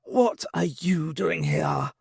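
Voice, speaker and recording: A man's voice: fairly high pitch, lively intonation, slow, creaky, breathy edge, no room sound, clean studio sound, pitched above the performer's own voice, full character voice. A man voicing a wheezy, courtly old male president who turns stern when crossed, in a novel reading. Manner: courtly, turning sharply stern.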